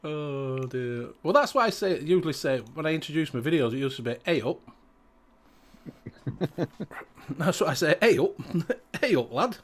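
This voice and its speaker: A man's voice: on the high side, expressive, normal speed, long pauses. A middle-aged man with a Yorkshire accent hosting a casual live stream, jokey and laughing, swearing freely. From Yorkshire, England. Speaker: host.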